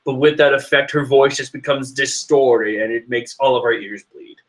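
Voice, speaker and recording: A man giving casual, excitable commentary while reading a comic chapter, rambling and laughing often. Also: mid-range voice, normal speed. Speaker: manga reaction vlogger.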